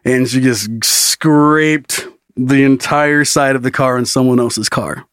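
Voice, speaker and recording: A man's voice: medium pitch, fairly even intonation, slow, a bit bright, clean tone, no room sound, studio quality. A man telling a story as a podcast host, in casual, profane comedy chat full of laughs.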